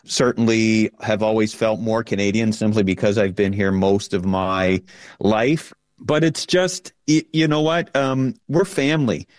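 A middle-aged man answers as a guest in an interview, speaking earnestly with frequent fillers. His voice sits at a medium pitch. The recording is dry, with no room sound. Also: little pitch movement, a little slow, dry recording. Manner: earnest, uses filler words. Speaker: panel guest. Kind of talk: casual remote interview.

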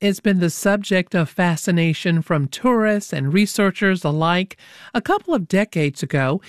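A woman's voice: on the low side, moderate pace, no room sound. A woman hosts a public radio interview show in the studio, friendly and teasing with her guests.

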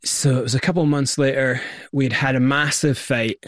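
A man's voice: medium pitch, moderate pace, no room sound, studio quality. A man, a guest in an interview, telling his story animatedly and acting out the people he quotes. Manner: animated, acts out quoted voices.

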